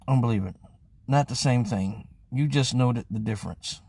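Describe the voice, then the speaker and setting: A man's voice: mid-range voice, normal speed, warm tone, slightly rough, no room sound. A man in casual live-stream chat, blunt and profane.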